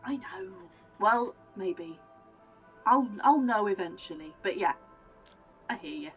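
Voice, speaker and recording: A woman's voice: mid-range voice, expressive, takes it slowly, soft background music. A woman playing her character in a tabletop game, chatting playfully. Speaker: player. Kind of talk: casual tabletop play.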